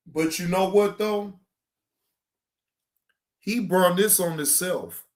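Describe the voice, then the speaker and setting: A man hosting a reaction show, talking in a loud, profane, exclamatory way, often stammering and restarting. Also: sits high, takes it slowly, pauses often. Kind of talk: casual reaction commentary.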